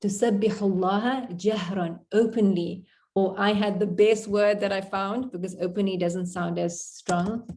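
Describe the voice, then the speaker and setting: A woman's voice: medium pitch, fairly even intonation, a little slow, hardly any pauses, warm tone. A woman teaching an Arabic poem to a class on a video call, explaining it word by word in a chatty way. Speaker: Arabic tutor. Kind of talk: online class.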